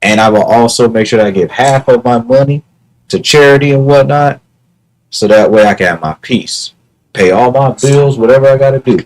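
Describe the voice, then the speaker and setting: Male streamer, casual and sincere, middle pitch, lots of restarts and repetition. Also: moderate pace, darkish tone, low-quality recording. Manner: earnest, repetitive, stammering restarts. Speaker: live streamer. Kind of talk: casual livestream talk.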